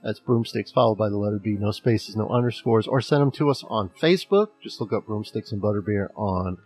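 A man's voice: fairly low pitch, brisk, a little mellow, slightly rough, faint music behind. A man with a Midwestern accent co-hosting a podcast in casual, joking chat, laughing often. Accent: American Midwestern. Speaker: podcast co-host.

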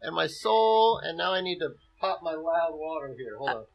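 A man's voice: on the high side, brisk, dull audio. A man from Missouri co-hosting a podcast, chatting casually and joking around with playful teasing. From Missouri, USA. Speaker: podcast co-host. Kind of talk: casual chat.

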